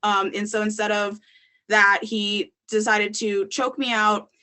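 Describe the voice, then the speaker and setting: A woman's voice: medium pitch, flat delivery, measured pace, bright, forceful tone. A young adult woman, a podcast guest, telling her story in candid casual talk, with frequent ums and likes.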